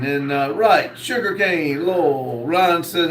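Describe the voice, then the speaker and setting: A man hosting a live stream, reading viewer comments aloud and answering them, with many pauses and fillers. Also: a little high, fairly bright tone, roomy sound, recorded from a distance, slight background noise, rough recording. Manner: slow, reads comments aloud with many uhs. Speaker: host reading live chat. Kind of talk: casual live stream chat.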